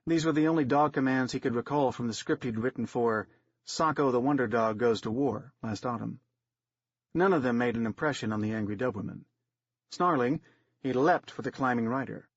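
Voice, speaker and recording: Man narrating an audiobook, wry and steady. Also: mid-range voice, a little fast, no echo. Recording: dry, slightly dull lo-fi recording.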